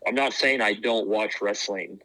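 A man's voice: fairly low pitch, moderate pace, sharp tone, no echo, poor audio. A man chatting casually as a podcast co-host, rambling with lots of fillers and restarts. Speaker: podcast co-host, former wrestling tryout. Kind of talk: casual chat.

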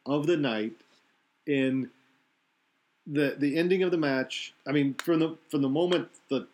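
A man's voice: a little high, unhurried, darkish tone, slight background noise. Rambling man talking wrestling. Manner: rambling, self-correcting analysis. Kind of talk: casual wrestling chat.

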